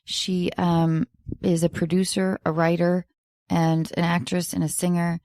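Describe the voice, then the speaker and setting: Gravelly low-voiced woman hosting a podcast. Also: flat delivery, measured pace, darkish tone, no room sound. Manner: rambling with restarts, swears freely. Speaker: podcast host. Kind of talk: casual chat.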